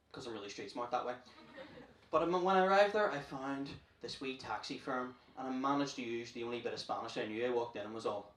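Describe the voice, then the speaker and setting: A man's voice: medium pitch, fairly bright tone. A young man with a Northern Irish accent doing a brash, profane stand-up set in a comedy club. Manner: brash, profane, rapid storytelling. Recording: roomy club, distant mic, noisy.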